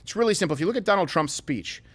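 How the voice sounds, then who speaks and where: Male pundit, lecturing, lots of pitch movement, emphatic. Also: animated, rapid-fire, a bit bright. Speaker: political panel commentator. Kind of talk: opinion commentary in a played clip.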